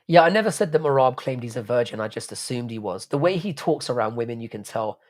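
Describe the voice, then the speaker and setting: Hoarse man bantering on a livestream. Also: mid-range voice, expressive, fast, darkish tone. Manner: laddish banter, swearing freely. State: strained, tiring throat. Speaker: livestream host reading chat. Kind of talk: casual live stream chat.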